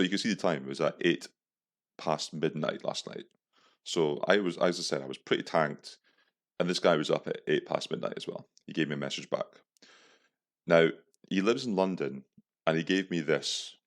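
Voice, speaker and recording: A man's voice: low-pitched, vocal fry. A man hosting a comedic solo podcast, telling a story in a sarcastic, rambling way. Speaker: podcast host.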